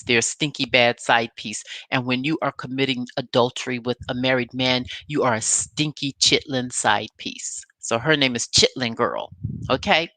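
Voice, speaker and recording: Female vlogger, low voice, chatty recap commentary with emphatic storytelling, dry close sound. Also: fairly bright tone, no echo. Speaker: vlogger recapping a reality show.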